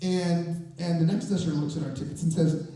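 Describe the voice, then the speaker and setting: A man with a fairly high but mellow voice, telling a true story live on stage in an animated, chatty way. He sounds far from the mic, and the hall around him rings with heavy echo. A faint hum of the room sits underneath. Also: normal speed. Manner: animated, conversational, builds suspense. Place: stage in a performance venue. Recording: very echoey, voice from a distance.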